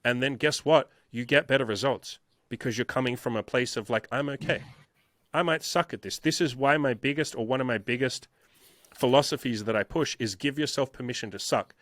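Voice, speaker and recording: A man's voice: medium pitch, a little fast, fairly bright tone, no echo, studio quality. A man talking casually in an interview as a dating coach, emphatic and repetitive, swearing often.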